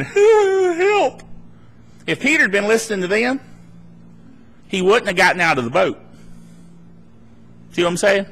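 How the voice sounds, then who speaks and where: Animated, bright-voiced male preacher. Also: high voice. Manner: animated preaching, laughing between points, acting out worried voices. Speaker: pastor. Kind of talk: live sermon. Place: church meeting.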